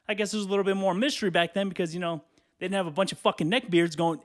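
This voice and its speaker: A man hosting a solo podcast from a hot bedroom, rambling casually with lots of swearing and filler, a little out of breath and clearing his throat. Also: high voice, fairly even intonation, rapid-fire. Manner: rambling, profane, lots of "you know". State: out of breath and sweaty, standing. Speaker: podcast host.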